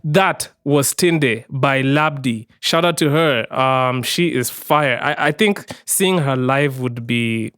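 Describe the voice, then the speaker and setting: A man's voice: mid-range voice, slow, hardly any pauses, fairly bright tone, clear, resonant tone, no room sound. A young man co-hosting a podcast in laid-back casual chat, tossing in bro and man. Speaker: podcast co-host.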